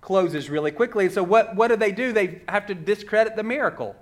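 Conversational preacher with a higher voice. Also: male voice, a little fast. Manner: conversational, asks many rhetorical questions. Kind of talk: sermon.

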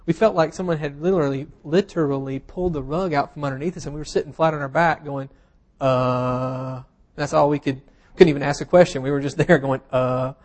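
A man's voice: fairly high pitch, fairly even intonation, fast, few pauses, a little mellow. Easygoing preacher man. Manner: casual and self-deprecating, with humorous asides and frequent fillers. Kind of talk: conversational sermon.

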